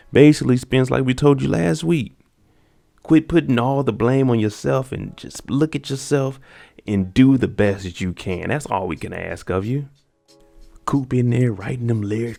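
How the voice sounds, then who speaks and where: A man's voice: fairly low pitch, vocal fry, mellow. A man casually recapping a TV episode, animatedly acting out the characters' lines. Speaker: TV recap host.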